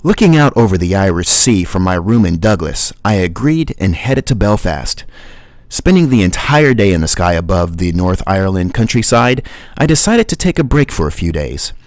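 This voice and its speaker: Brief: man, lowish voice, relaxed storyteller and livestream host, dry recording. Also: moderate pace, no echo. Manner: relaxed storytelling with fillers and chuckles. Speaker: livestream host and flight sim reviewer. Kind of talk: reading his own story, then casual chat.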